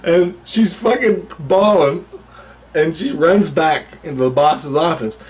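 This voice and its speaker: A man's voice: on the high side, lively intonation, a little slow, a little hiss or hum. A man casually telling a story, rambling with restarts, swearing freely and often breaking into laughter. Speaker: storyteller vlogger.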